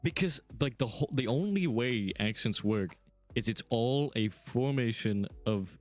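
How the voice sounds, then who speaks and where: Young male podcast co-host, mid-pitched, casual, slurring his words. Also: measured pace, faint music behind. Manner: slurs words, relaxed. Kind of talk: casual chat.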